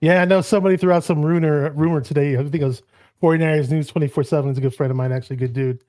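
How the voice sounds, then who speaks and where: A man co-hosting a casual sports podcast, talking quickly and conversationally with fillers. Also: fairly high pitch, steady tone, darkish tone, dry recording.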